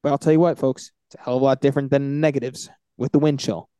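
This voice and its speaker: A man co-hosting a casual sports podcast, animated and confident as he runs through his football picks. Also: mid-range voice, fast, smooth, dry recording. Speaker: podcast co-host.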